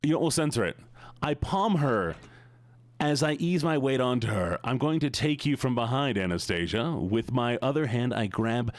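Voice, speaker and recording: A man's voice: mid-range voice, animated, moderate pace, no room sound, pitched above the performer's own voice, lightly acted. A man putting on a nerdy reader voice. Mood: mock-earnest. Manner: nasal nerdy put-on, overly earnest. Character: nerdy man reading aloud. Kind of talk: comic dramatic reading.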